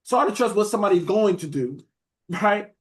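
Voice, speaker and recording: A man preaches a casual sermon with a slightly higher pitch than most men. He talks in a chatty, back-and-forth way, asking his listeners questions and answering them himself. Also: lively intonation, brisk. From United States. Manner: conversational preaching, asks the room questions and says "beloved". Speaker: teacher preaching a Bible study.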